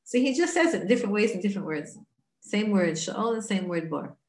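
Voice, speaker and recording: A woman teaching a Torah class in an earnest, chatty way. She asks rhetorical questions, restarts her sentences and says things again in new words. Her voice sits at an ordinary pitch and rings in a roomy, echoey space. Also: animated, a little fast, a little mellow.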